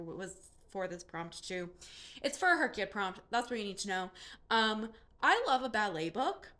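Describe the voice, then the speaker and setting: A woman in her twenties chatting casually through a monthly reading wrap-up, animated and full of fillers. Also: medium pitch. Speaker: book reviewer.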